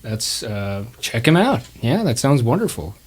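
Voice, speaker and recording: A man's voice: medium pitch, sing-song, measured pace, husky. A man hosting a tabletop role-play podcast, reading plugs in a playful, hammy announcer way. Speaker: game master and podcast host.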